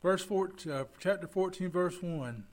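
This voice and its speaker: Folksy preacher man, lively. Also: high voice, measured pace. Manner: folksy, acts out quoted voices. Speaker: pastor. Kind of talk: sermon.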